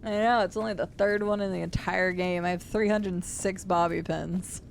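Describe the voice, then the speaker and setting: A young woman streamer chatting casually while playing a game, thinking out loud and greeting her viewers. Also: fairly low pitch, steady tone, moderate pace, vocal fry, slight background noise. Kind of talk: casual chat while gaming.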